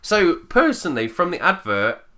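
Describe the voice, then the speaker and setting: A man talks straight to camera in an opinionated rant, blunt and full of swearing. His voice is bright and forceful, and his pitch leaps around a lot as he mocks other people's views. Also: huge pitch swings, moderate pace. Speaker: channel host.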